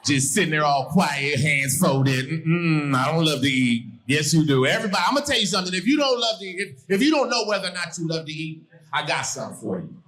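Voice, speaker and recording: A middle-aged man from Hawaii performing animated stand-up on a comedy stage, shouting his punchlines. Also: a little high, fast talker. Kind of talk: stand-up routine. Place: comedy stage before a live audience. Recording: live show with loud crowd.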